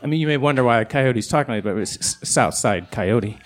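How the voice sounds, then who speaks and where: A man's voice: medium pitch, expressive, a little fast. Profane rambling man telling a comic story. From Chicago.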